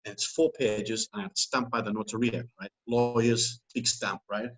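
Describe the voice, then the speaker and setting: A man's voice: medium pitch, little pitch movement, normal speed, a bit bright, low-quality recording. A man speaking as an interview guest. He talks in casual chat, rambling and emphatic, with many fillers and restarts.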